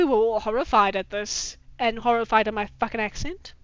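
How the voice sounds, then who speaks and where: A woman's voice: a little high, normal speed, hardly any pauses, no echo, lo-fi sound. Sarcastic young-sounding woman reading fanfic aloud. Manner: sarcastic asides, swearing, mock-dramatic voices. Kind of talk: comedic dramatic reading with commentary.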